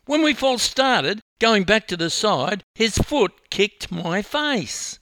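A frightened young swimmer wails, as a male narrator puts him on. His pleading is bright and high, carried in a dry, close sound. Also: sing-song, slow pace, no room sound, exaggerated voice. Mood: wailing.

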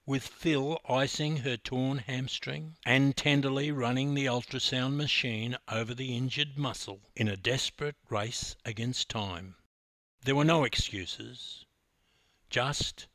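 A man's voice: medium pitch, a bit bright, no room sound. Emphatic Australian male storyteller. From Queensland, Australia. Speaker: podcast host and storyteller. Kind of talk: narrated personal story.

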